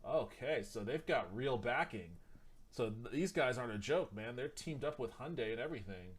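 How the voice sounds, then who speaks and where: A man hosts a casual livestream, reading news articles aloud in an everyday voice. He trips over names and numbers and backs up to fix them. Between passages he drops in quick, blunt, profane comments of his own. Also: medium pitch, expressive, slightly rough. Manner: stumbles and restarts while reading. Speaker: livestream host.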